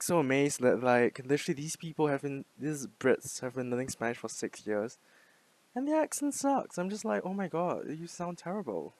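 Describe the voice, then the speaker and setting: Here a language-learning vlogger, a man in his twenties with a medium-pitched voice, riffs through an unscripted casual monologue. He rambles, leans on fillers, swears casually, and laughs a lot.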